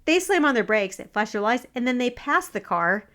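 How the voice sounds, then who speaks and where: A woman co-hosting a podcast in casual chat, animated and joking, often laughing. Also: a little high, normal speed. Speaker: podcast co-host.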